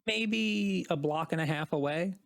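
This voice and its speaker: A woman's voice: fairly low pitch, a little slow, creaky, no room sound. A woman narrating a tabletop game as game master, in a hesitant way with many fillers.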